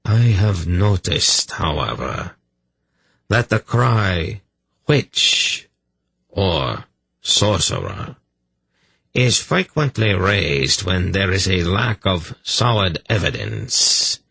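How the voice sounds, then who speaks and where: A male audiobook narrator voicing a menacing older male sorcerer-priest who speaks in a calm, deadly, mocking way. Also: deep voice, vocal fry, slightly rough, no echo, exaggerated voice. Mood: coldly mocking. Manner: slow, cold, mocking. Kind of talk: audiobook character reading.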